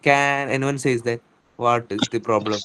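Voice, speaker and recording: A man's voice: mid-range voice, steady tone, a bit bright, clear, resonant tone, poor audio. A man with an Indian English accent reading a story aloud in an online English lesson and explaining each word patiently, often repeating himself. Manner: explains words slowly and repeats, with restarts. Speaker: English teacher. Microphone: online class.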